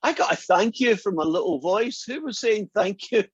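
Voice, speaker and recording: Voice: mid-range voice, lively intonation, normal speed, slightly rough, dry recording, highs cut off. A teacher in an online class, chatty and encouraging, telling jokes to the students. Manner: chatty, encouraging, laughs easily.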